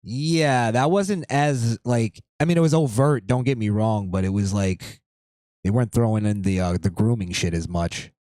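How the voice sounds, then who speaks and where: A man's voice: fairly low pitch, normal speed, darkish tone, dry recording, clean studio sound. A man hosting a podcast, chatting loosely and rambling while reading items aloud. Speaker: podcast host. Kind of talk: casual podcast chat.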